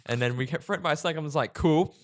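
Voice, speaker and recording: A man's voice: fairly high pitch, very fast, fairly bright tone, no room sound, clean studio sound. An Australian man co-hosting a podcast, telling anecdotes in a laid-back, rambling way full of restarts. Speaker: podcast co-host. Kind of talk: casual chat.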